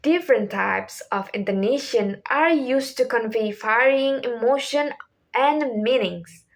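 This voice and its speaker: A woman's voice: on the high side, a little slow. A young woman whose first language is Indonesian, reading a class presentation from a script as questions and answers, with small restarts. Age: young adult. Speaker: student presenter.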